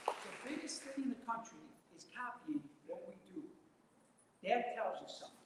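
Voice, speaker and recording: A mayor giving a folksy, emphatic speech at a community event. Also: male voice, very high voice, big pitch swings, moderate pace, a loud crowd. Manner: folksy, emphatic, repetitive rallying. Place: large indoor event hall. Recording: very echoey hall, some noise.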